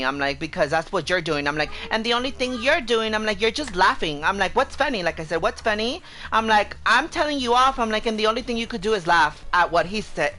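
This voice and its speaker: A woman's voice: mid-range voice, bright, forceful tone. A woman streamer telling a story in casual chat, profane and heated, quoting herself over and over. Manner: profane, heated retelling of an argument; fast, repetitive quoting with "I'm like". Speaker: game streamer.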